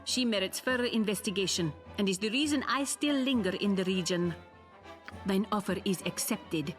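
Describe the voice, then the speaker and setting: A woman's voice: mid-range voice, normal speed, lightly acted. A woman voicing a stately female wizard in a video game, speaking in archaic formal language with an accent put on. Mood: solemn. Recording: game audio with music behind.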